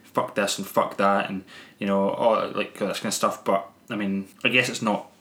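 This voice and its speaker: A man's voice: on the low side, steady tone, moderate pace, pushed and bright, roomy sound. A young man co-hosting a podcast, chatting casually about films, rambling and restarting his sentences and swearing freely. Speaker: podcast co-host. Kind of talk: casual film discussion.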